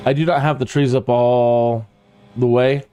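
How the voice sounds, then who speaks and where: A man talks through his flight simulator session in a loose, easygoing way, pausing with "uh" and "um" as he thinks aloud. His voice sits at an ordinary middle pitch. A faint noise runs under the recording. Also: highs cut off. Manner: relaxed, thinks aloud with fillers. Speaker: flight sim streamer. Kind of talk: casual gameplay commentary.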